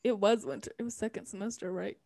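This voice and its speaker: A woman's voice: mid-range voice, fast talker, warm tone, dry recording, studio quality. A young woman in college telling an embarrassing story in casual chat, laughing often as she talks. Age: young adult. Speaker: podcast co-host.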